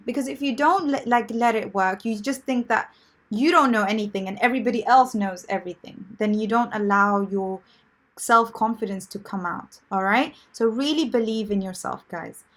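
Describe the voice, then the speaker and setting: A woman's voice: on the high side, moderate pace. A woman teaching English vocabulary in a live online lesson, chatty and encouraging, with many fillers and restarts.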